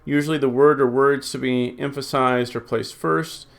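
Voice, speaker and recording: A man teaching a recorded Greek lesson, slowly drilling word forms, reading out rules and thinking aloud with many ums and uhs. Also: medium pitch, fairly even intonation, creaky. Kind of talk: recorded classroom lecture.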